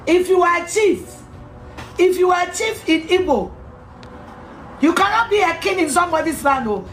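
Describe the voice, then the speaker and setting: A Ghanaian woman with a very high voice delivers a heated rant, hammering her points through repetition and bursts of shouting. She sounds sharp and scolding throughout. Her voice rings in an echoey room with faint music behind it. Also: animated, normal speed, long pauses. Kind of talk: angry rant to camera.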